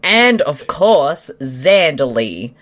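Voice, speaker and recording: A woman co-hosts a casual podcast, presenting a mock award with dry, sarcastic humor. Her voice is fairly low for a woman and swings widely in pitch, and she laughs easily between lines. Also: sing-song, extremely slow. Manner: wry, laughs, playfully sarcastic. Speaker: podcast co-host.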